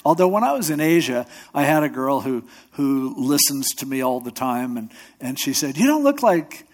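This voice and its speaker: His voice is mid-range and his speed normal: a man who pastors a church and hosts a radio show, preaching conversationally. Through storytelling he acts out quotes in other voices, talking loosely with restarts and asides.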